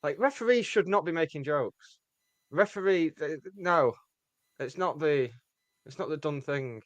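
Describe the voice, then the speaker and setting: A man's voice: fairly high pitch, lively intonation, no echo. Brief: man on a fan podcast, jokey and rambling, dry studio-close voice. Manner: jokey, rambling, quick asides. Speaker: podcast co-host. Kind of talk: casual chat. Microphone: podcast mic.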